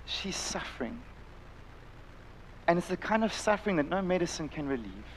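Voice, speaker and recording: Prediger, Mann mittleren Alters, südafrikanischer Akzent, recht hohe Stimme, leidenschaftliche Predigt. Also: male voice, on the high side, sing-song, normal speed, a little hiss or hum, low-quality recording. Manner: impassioned, acts out voices in the story, drops to quiet intensity. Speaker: pastor. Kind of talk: sermon. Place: church, live-streamed service.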